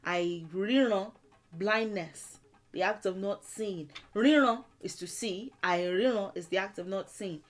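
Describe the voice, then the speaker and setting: A woman teaching a beginners' language lesson, explaining terms and drilling letters aloud for learners to repeat. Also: medium pitch. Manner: repeats words and letters slowly for learners to copy, with light laughs.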